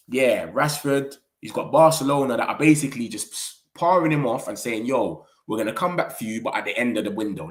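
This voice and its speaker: Slangy young British man, casual chat. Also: medium pitch. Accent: British English. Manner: animated, slangy, quick asides. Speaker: football fan vlogger.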